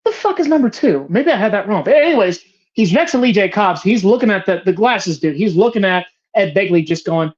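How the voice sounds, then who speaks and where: A woman's voice: medium pitch, lively intonation, brisk, a little mellow, lo-fi sound. A woman hosting a casual movie discussion podcast, heated and profane as she rants. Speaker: podcast host.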